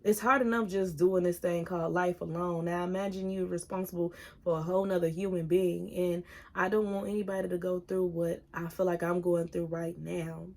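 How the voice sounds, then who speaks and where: A woman in her thirties talking openly in a personal vlog, earnest and halting, at times giving direct advice to viewers. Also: on the low side, fairly even intonation, creaky. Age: 30s. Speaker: single mom vlogger.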